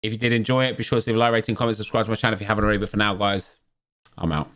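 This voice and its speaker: A man's voice: fairly low pitch, very fast. Man commentating game pack openings. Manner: chatty, jumps into excited exclamations at pulls. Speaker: gaming channel host. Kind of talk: casual gameplay commentary.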